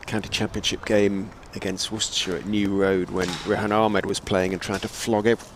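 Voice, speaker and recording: A man giving live ball-by-ball cricket commentary, measured and telling stories between deliveries. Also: fairly low pitch, level tone, slight background noise.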